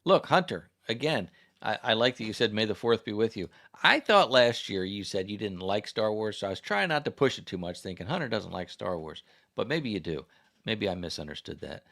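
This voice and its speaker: American guy rambling on a livestream, kinda low voice, reading comments off a desk mic. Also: lively intonation, fairly quick, creaky, fairly bright tone. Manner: rambling, chatty, reads comments and quizzes the audience. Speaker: livestream host. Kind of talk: casual livestream chat. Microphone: desk microphone.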